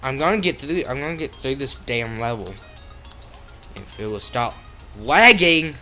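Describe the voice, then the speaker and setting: A man comments on a mobile game in a slow, unhurried drawl and swears at nearly every turn. His bright voice leaps between low mutters and sudden frustrated yells. It is caught on the phone's own mic with faint game music underneath. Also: expressive. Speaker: mobile gamer. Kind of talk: profane let's-play commentary.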